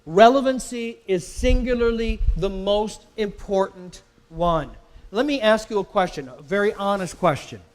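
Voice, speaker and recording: Workshop presenter, male, high-pitched, emphatic, keeps quizzing the room with questions. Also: measured pace. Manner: repeats words and restarts while talking. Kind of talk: live marketing workshop lecture. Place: live event in a company facility.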